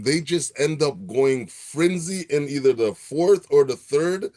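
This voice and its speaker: Excitable man repeating himself on a podcast. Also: fairly high pitch, normal speed, few pauses. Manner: animated, repeats words, laughs along. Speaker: co-host of a fan podcast. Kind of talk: casual sports chat.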